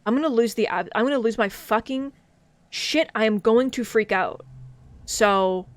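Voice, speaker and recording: This woman's voice sits on the high side and moves at a normal speed, recorded dry. She's casually chatting on a live stream while playing a game, cursing frequently and reading on-screen text out loud.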